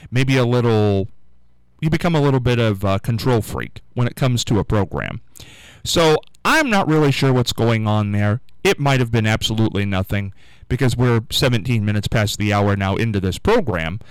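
A man hosting a call-in radio talk show, musing out loud in a rambling way and repeating the phone number for callers. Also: medium pitch, clear, resonant tone, no echo, rough recording.

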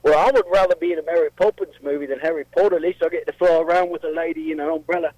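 A man's voice: sits high, moderate pace, no echo. A man calling into a radio show, putting on a jokey mock British accent as a pub-going Cockney type. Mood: cheeky. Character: cheeky male Cockney-style pub regular. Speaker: caller. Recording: phone line.

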